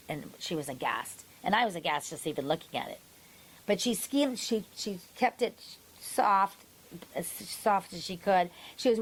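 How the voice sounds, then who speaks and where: A woman hosting a podcast, telling stories in a lively way and acting out the people she quotes. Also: mid-range voice, rough recording. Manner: animated storytelling, acts out quoted people. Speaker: podcast host. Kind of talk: casual podcast chat.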